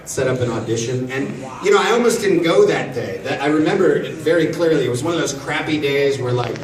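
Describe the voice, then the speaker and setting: A man answering questions on a convention panel, telling jokey stories in an animated way. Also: medium pitch, fast talker. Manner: joking, animated storyteller. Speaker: voice actor convention panel guest. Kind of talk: casual panel Q&A storytelling. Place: large convention hall. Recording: echoey hall from far off. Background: audience crowd noise.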